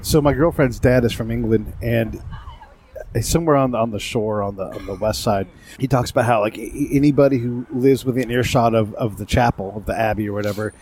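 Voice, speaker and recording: A man's voice: medium pitch, brisk, a little mellow, a little hiss or hum. Casual, chatty male podcast host. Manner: casual, chatty, laughs easily, asks rambling questions. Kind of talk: conversational interview.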